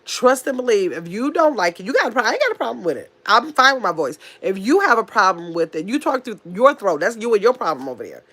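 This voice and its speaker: A woman in her fifties with a nasal voice, hosting a casual livestream, talking very fast and bluntly while reading chat comments. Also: medium pitch, sing-song, fairly bright tone. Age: 50s. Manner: talks very fast, blunt and chatty. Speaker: livestream host.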